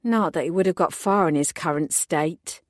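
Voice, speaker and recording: A woman narrating a first-person audiobook in a clear, steady storytelling voice on a close studio mic. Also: lowish voice, moderate pace, no room sound.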